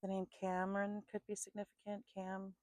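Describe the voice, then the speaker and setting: A woman doing an intuitive psychic reading at home, calmly listing names and places she picks up, thinking aloud and a bit sleepy. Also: medium pitch, brisk, no room sound, poor audio. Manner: calm, repetitive, thinking aloud. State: sleepy, yawning. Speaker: psychic reader.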